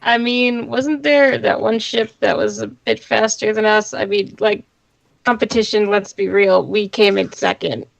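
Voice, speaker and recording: A woman's voice: medium pitch, lively intonation, measured pace, vocal fry, no room sound, highs cut off. A woman player speaking in character with a wry, sarcastic manner. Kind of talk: in-character play.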